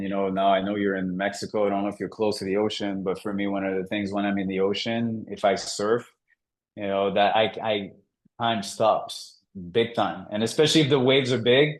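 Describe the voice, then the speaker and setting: A man, a coach and podcast guest, telling a story in a conversational interview and acting out the quoted dialogue. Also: fairly low pitch. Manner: animated, acts out quoted dialogue.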